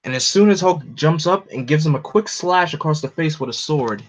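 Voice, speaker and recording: A man's voice: a little high, lively intonation, brisk. A man casually reading a comic aloud live, chatting with asides between scenes, on a slightly dull recording. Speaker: live reader.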